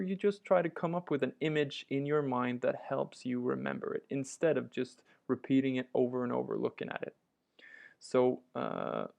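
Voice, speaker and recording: A man's voice: medium pitch, vocal fry. A man teaching a language lesson, patiently walking through each example and repeating it. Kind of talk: instructional walkthrough.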